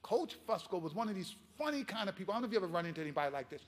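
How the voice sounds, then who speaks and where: A man giving a keynote speech, telling a story in an impassioned, animated way. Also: high voice, racing, long reverb tail. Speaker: keynote speaker.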